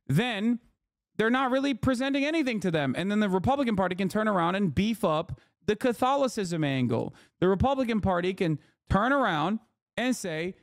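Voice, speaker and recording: A man in his thirties rants about politics in a fired-up streaming monologue. His voice sits a bit high, and he breaks into sarcastic asides. The sound is dry and close to the mic. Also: expressive, brisk, dry recording. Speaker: streamer reacting to news. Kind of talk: heated political commentary.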